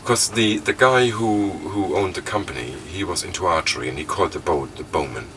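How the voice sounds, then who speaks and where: A man, a boat owner chatting casually and telling a story, often halting and repeating words. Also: low voice, noisy background. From Germany. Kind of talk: casual chat. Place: on a small sailing boat outdoors.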